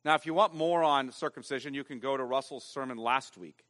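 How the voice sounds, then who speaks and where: A man preaching a sermon as pastor, emphatic, swinging from loud stressed lines to hushed ones. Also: medium pitch, fairly quick, in a large hall.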